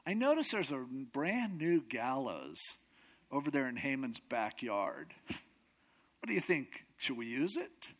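A man's voice: medium pitch, very animated, slow. Sly, hesitant palace servant, voiced by a male storyteller. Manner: hesitant, slyly helpful. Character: sly royal servant making a suggestion.

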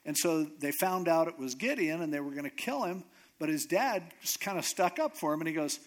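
Preacher, man with a slightly high voice, easygoing storyteller with a wry touch. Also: expressive, normal speed. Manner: casual, conversational retelling with humor. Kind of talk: sermon storytelling.

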